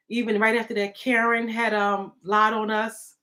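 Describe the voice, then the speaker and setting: A woman's voice: fairly high pitch, little pitch movement, moderate pace, bright, forceful tone. A woman talking casually and emotionally in a live video, rambling and indignant as she defends her partner.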